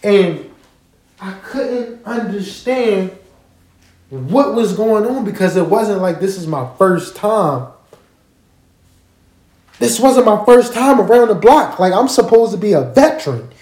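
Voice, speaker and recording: Man telling a story with a lively voice. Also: sits high, slow pace, long pauses. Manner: animated, profane, keeps asking listeners to agree. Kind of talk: casual storytelling to listeners. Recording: roomy echo.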